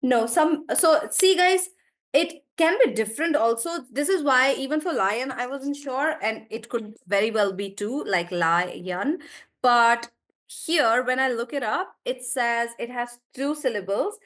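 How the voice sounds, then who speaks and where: A woman's voice: fairly high pitch, unhurried, fairly bright tone. A young woman teaching an online class, thinking aloud as she checks words and encourages students. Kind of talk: live online class, coaching students on syllables.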